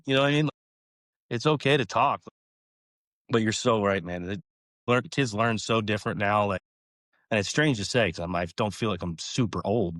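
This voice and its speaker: A man in his thirties rattles along at a quick clip, piling up fillers and slipping into little acted-out exchanges as he tells how he coaches. His voice sits on the low side and is recorded close and dry, with no room sound. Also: a bit bright, dry recording. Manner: rambling, filler-heavy, acts out conversations. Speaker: college baseball head coach. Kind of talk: casual podcast interview.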